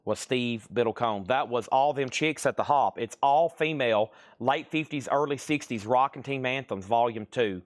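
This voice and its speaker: Man, live sale host, rapid-fire patter, playful pitches, mid-range voice, dry room. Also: no echo. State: out of breath. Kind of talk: live-stream auction patter.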